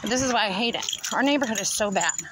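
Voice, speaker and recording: A woman's voice: fairly high pitch, expressive, fast. A young woman from Ohio talks into a handheld phone while walking outdoors, circling back over the same worries. She sounds a little out of breath from walking. Heavy street and wind noise runs under her voice. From Ohio, United States. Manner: rambling, repeats herself, worried. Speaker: vlogger. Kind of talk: casual walking vlog chat. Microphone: phone held while walking.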